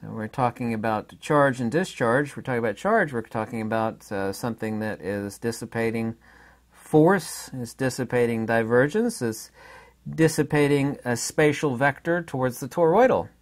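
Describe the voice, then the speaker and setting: A man in a solo lecture-style monologue, speaking deliberately with fillers and restarts, leaning hard on key terms. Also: medium pitch, expressive. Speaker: channel host explaining science theory.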